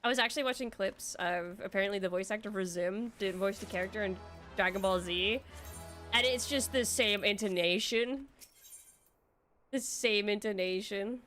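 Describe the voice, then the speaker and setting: A young woman giving casual commentary while she plays an online game. She is excitable, swears freely and thinks aloud as she goes. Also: medium pitch, moderate pace, soft background music. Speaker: streamer playing an online game.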